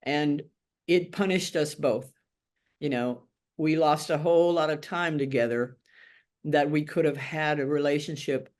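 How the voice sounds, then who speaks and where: At a measured pace, her low, slightly mellow voice recounts an older Tennessee woman's life for an oral history interview. She speaks frankly and wryly, taking on the voices of those she quotes.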